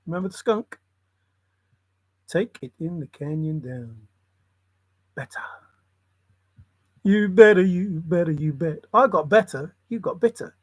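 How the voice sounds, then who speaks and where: A channel host rambles through a solo monologue, muttering to himself and breaking into sudden exclamations. His fairly high voice is expressive, with a measured pace and long pauses. The recording is dry.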